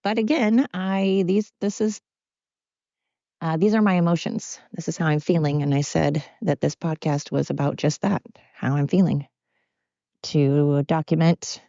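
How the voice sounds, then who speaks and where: A woman's voice: deep voice, steady tone, a little slow, pauses often, dark tone, dry recording, lo-fi sound. A tired woman hosting her podcast at home, talking in a rambling, candid monologue. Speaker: podcast host. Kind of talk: casual personal monologue. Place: at home with pets.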